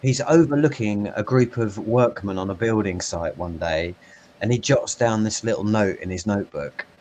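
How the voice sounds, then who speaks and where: A man's voice: lowish voice, moderate pace, a little mellow. A British man chatting on a podcast over a remote call, rambling, swearing often and laughing a lot. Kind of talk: casual conversation. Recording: faint background noise.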